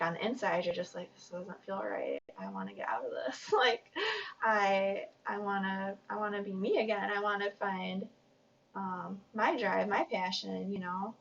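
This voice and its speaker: Gravelly-voiced woman reading tarot casually. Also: mid-range voice, a little hiss or hum. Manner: rambling, chatty, self-conscious. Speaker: tarot reader. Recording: dull, distant mic.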